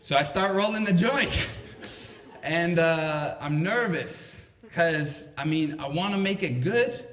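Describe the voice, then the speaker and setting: Slow, playful young male storyteller. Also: fairly high pitch, animated, fairly bright tone. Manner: conversational, playful, chatty asides to the audience. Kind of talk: live comedic storytelling. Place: stage before a live audience. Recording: roomy live hall.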